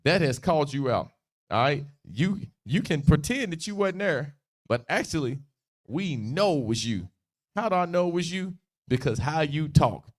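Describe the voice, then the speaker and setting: Slangy, animated man teaching scripture. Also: on the high side, normal speed. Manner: slangy, laughs easily, acts out quotes. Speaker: Bible study teacher. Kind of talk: casual livestreamed Bible teaching.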